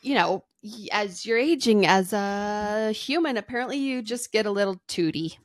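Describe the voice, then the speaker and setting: Woman podcast host: lively, giggly storyteller, dry close sound. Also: mid-range voice, normal speed, no echo. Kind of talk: casual chat.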